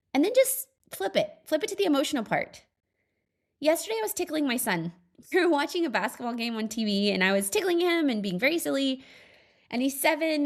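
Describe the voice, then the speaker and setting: A woman in her thirties hosting a podcast alone, talking in a chatty, earnest way with many fillers and frequent small laughs. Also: a little high. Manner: reflective, earnest. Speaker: podcast host. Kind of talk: casual solo monologue.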